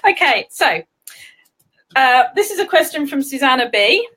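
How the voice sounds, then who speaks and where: A woman's voice: sits high, big pitch swings, measured pace, pushed and bright. A woman from England hosting a casual livestream chat, giggling often and chatting in a scattered way. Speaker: livestream host. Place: home livestream.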